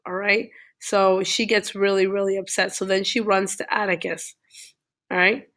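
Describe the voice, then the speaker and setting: A woman's voice: medium pitch, little pitch movement, normal speed, a bit bright. A woman teacher casually retelling a novel chapter for her class, checking in often with "okay?" and "all right?". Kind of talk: classroom reading review.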